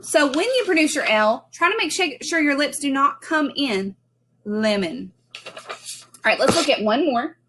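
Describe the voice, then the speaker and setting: A woman giving a children's speech lesson from home, modeling sounds slowly and clearly. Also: high-pitched, expressive, fairly bright tone, slight background noise. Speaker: speech teacher.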